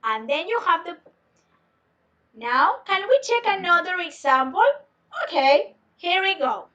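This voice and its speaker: High, bright woman teacher. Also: animated, recorded from a distance, muffled recording. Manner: slow, patient, repeats questions to students. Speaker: English teacher. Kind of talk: online class lesson. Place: home, on a video lesson.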